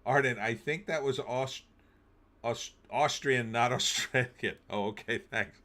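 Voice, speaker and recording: A man's voice: medium pitch, a little slow, sharp tone. A man hosting a live stream, reading news aloud and cracking wry, jokey asides with frequent laughs.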